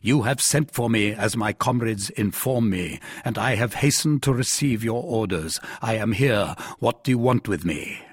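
A man doing a feeble, calm wounded musketeer. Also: fairly low pitch, moderate pace, hardly any pauses, slightly rough, no echo, studio quality. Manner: feeble yet perfectly calm. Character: wounded, pale noble musketeer man, stoic.

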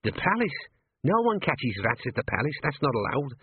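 A man voicing a tiny, belligerent male gnome ratcatcher with rough, ungrammatical speech in a storybook reading. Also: medium pitch, very animated, moderate pace, a little hiss or hum, voice pushed up. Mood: cocky. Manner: combative, rough working-class grammar. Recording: tinny lo-fi narrow-band audio.

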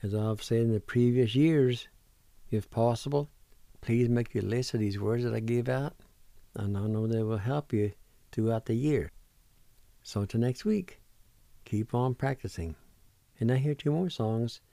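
A middle-aged man hosting a radio language lesson, spelling words letter by letter and sounding out each syllable slowly and deliberately. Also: medium pitch, vocal fry, warm tone, no echo. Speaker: radio language teacher, show host.

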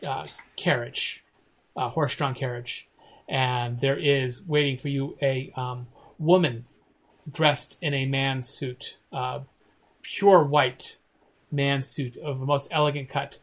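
A man narrating a tabletop adventure as game master. His speech is halting, broken up by pauses while he searches for words. His pitch is in a middle range. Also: fairly even intonation. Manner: halting, many fillers and restarts while narrating.

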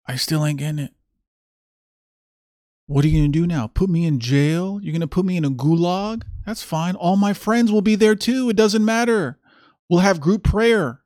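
A man's voice: sits high, moderate pace, a little mellow, dry recording, studio quality. A man hosting his own stream, ranting in a sarcastic, mocking way about a clip he has just played. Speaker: streamer host. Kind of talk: casual solo stream commentary.

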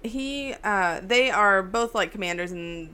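A woman's voice: medium pitch, a little slow, bright, forceful tone, slight background noise. A woman co-hosting a casual, profane movie recap, acting out the characters' lines in a playful way. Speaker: podcast co-host.

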